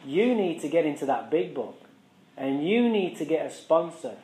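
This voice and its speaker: A man quoting a blunt, gruff older man who scolds and swears at him, in a slightly raised voice. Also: a little high, very animated, normal speed, warm tone, roomy sound, low-quality recording. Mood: scolding. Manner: bossy, scolding, profane.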